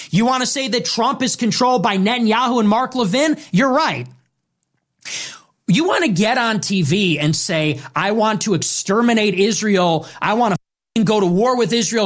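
A woman delivering a heated political rant, combative and sarcastic, hammering points with repeated phrases. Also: on the high side. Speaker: political commentator.

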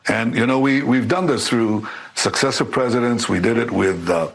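A man speaking as a government official in an interview, measured and hesitant with fillers. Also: mid-range voice, gravelly, poor audio. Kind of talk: interview answer.

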